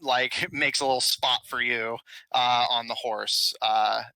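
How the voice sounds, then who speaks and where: A man's voice: mid-range voice, steady tone, a little slow, creaky, pushed and bright, smooth, no room sound. A man narrating as game master of a tabletop game, loose and casual, full of "uh" and "like" as he describes the action. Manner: loose, filler-heavy narration with frequent "uh" and "like".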